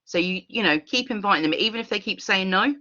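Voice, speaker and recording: A woman runs an online workshop in an expressive, earnest way. Her voice is bright and sits at a middle pitch. The sound is dull and lo-fi, as on a video call. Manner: expressive, earnest, with quick laughs. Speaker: workshop facilitator.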